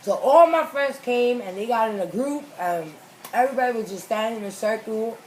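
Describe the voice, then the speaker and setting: A woman hosting a mukbang, telling a story in a casual, animated, slangy way and acting out the quoted lines. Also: on the high side, brisk, slight background noise, poor audio. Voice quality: animated, emphatic, slangy retelling with acted-out quotes. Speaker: mukbang host. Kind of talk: casual storytelling while eating.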